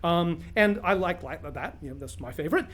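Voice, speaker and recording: Man, high-pitched, game master and teacher, animated storyteller. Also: fairly quick. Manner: animated storyteller, fillers and restarts.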